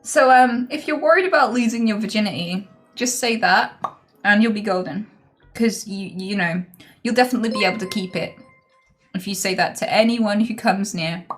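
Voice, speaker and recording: A woman's voice: medium pitch, moderate pace, soft background music. A woman streamer chatting casually and playfully on a live stream, laughing often.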